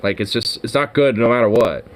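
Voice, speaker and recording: A man's voice: mid-range voice, fairly quick, a little hiss or hum. A man hosting a casual chat, rambling with lots of fillers and swearing. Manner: rambling, full of "you know" fillers, swears. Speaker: podcast host.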